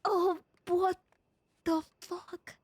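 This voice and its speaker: A young woman streaming a roleplay game, excitable and overwhelmed, swearing as she reacts to her chat. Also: extremely high pitch, extremely slow.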